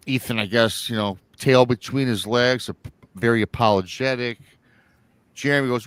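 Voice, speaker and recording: A man's voice: medium pitch, normal speed, clean tone, no room sound. A man hosting a live show, retelling a listener's story in a rambling, casual way and acting out the quoted lines. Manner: rambling, repeats himself, acts out quoted lines.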